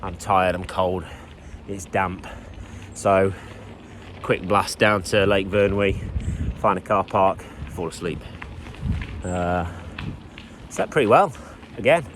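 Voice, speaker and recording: Riding his bike outdoors on a trail, a male bikepacking racer narrates a casual vlog recap that is conversational, rambling, and self-deprecating. He speaks slowly in a low, slightly bright voice and pauses often, with faint outdoor background noise.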